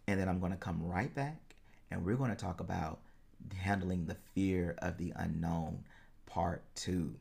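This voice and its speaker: A man's voice: low-pitched, unhurried, creaky, a little mellow, breathy edge. A man hosting a solo podcast as a life coach, talking in an earnest, encouraging way and laughing easily.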